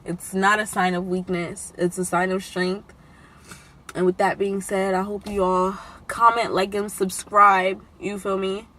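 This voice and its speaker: A woman's voice: medium pitch, little pitch movement, unhurried, sharp tone. Tearful, candid woman vlogger. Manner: candid, swears often, emotional. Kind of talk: casual emotional vlog talk.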